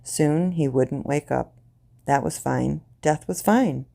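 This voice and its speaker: Creaky, deep-voiced woman storyteller. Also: mellow. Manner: slow, deliberate, grim reading. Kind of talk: reading a short story aloud.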